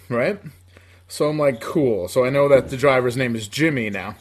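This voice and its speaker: A man's voice: mid-range voice, normal speed, slight background noise. A man from upstate New York telling a long story in casual chat, profane and rambling, laughing as he goes.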